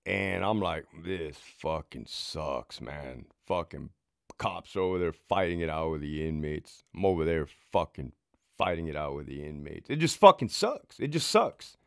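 A man's voice: low-pitched, big pitch swings, moderate pace, vocal fry, dry recording, studio quality. Man telling a profane, heated story. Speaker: former prison sergeant. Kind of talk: casual storytelling to camera.

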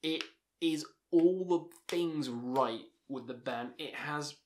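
A man's voice: fairly high pitch, slow pace, darkish tone. A man ranking heavy metal albums in a casual vlog, talking with emphatic, profane enthusiasm. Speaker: music reviewer.

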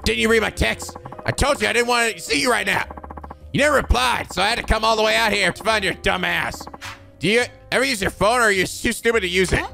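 A sneering young street thug, as a man puts him on for a video game, with a high, heavily gravelly sound. The tone is bright and sharp-edged, all rude contempt. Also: fast, soft background music, exaggerated voice. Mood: abusive. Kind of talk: voicing game dialogue.

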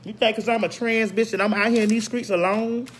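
A woman's voice: fairly high pitch, fairly even intonation, brisk, slight background noise. A woman hosting her own online show in a brash, profane, unscripted rant to viewers, hammering single words over and over.

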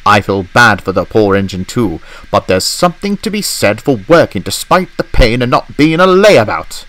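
A man voicing a proud, pompous male steam engine in a storybook reading, loud and indignant. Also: lowish voice, big pitch swings, moderate pace, a little hiss or hum, rough recording.

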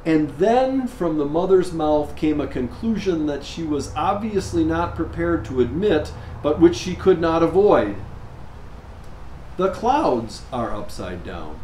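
A male priest giving a sermon, telling a story in an unhurried way with measured pauses. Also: on the high side, lively intonation, warm tone. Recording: echoey room, faint background noise.

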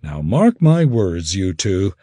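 A man's voice: sits low, sing-song, slow pace, warm tone, dry recording, exaggerated voice. A man voicing a scheming middle-aged man who coaxes in a falsely friendly way. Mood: urgent coaxing.

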